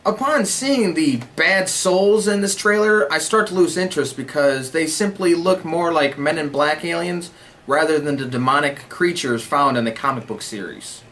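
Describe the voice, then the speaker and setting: A man reads his film review from a script, his voice a little higher than most. He stays wry and sarcastic throughout, with an ironic lift on his jabs. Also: normal speed, a bit bright, slight background noise.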